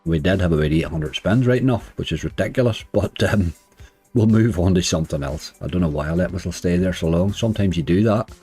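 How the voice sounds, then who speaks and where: A man streaming slots keeps up casual, chatty commentary, talking to the game, muttering at it, and cheering it on. His deep voice is warm and slightly rough, and he speaks fairly quickly over faint music.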